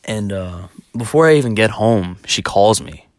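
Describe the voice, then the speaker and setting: Casual vlogger, male, low voice, rambling profane storyteller, laughs as he talks, dry close sound. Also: expressive, unhurried, no echo.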